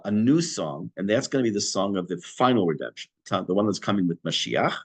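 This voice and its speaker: A man teaching an online class on prayer, reading Hebrew phrases and explaining them in English with a lively teacher's delivery. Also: lowish voice. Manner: lively teacher's delivery, rising on key words.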